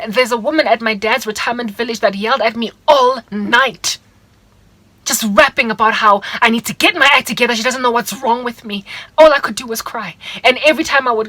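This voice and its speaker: A young woman with a South African accent speaks in a slightly high voice, earnest and confiding as she tells a personal story. The sound is close and dry, with little room in it. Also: bright, forceful tone, no echo, rough recording. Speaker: vlogger. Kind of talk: personal testimony vlog.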